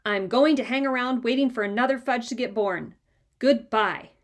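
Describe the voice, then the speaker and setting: A woman voicing a fed-up older brother in a storybook reading, yelling and indignant. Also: on the high side, moderate pace, close to an everyday voice. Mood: defiant. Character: angry, fed-up older boy.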